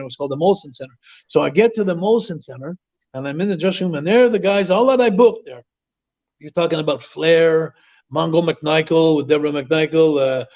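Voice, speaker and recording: Animated high-voiced man telling stories. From Quebec, Canada. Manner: animated storyteller, repeats and restarts words, laughs often. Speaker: interview guest, former wrestler. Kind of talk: casual storytelling interview. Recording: dull lo-fi audio.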